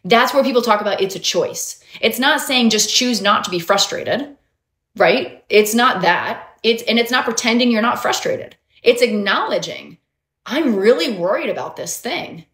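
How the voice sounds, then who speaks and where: A woman hosting a motivational livestream as a mindset coach, animated and emphatic, talking straight to her viewers. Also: on the high side, normal speed. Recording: roomy echo.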